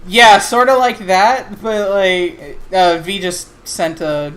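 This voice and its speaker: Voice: mid-range voice, fairly even intonation, slow, fairly bright tone. A game master narrating a tabletop role-playing game in a loose, profane way, with laughing asides.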